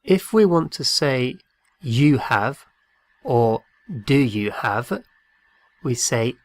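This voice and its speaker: A man's voice: mid-range voice, animated, drawn-out words. A man teaching a Spanish lesson, patiently repeating each phrase and spelling words out letter by letter. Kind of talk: slow drilled language lesson.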